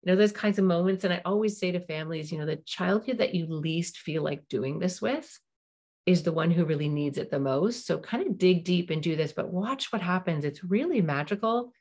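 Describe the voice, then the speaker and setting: A middle-aged woman hosts a parenting podcast, speaking in a slightly low voice. She gives advice in a warm, animated way and slips into little example dialogues as she goes. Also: a little fast.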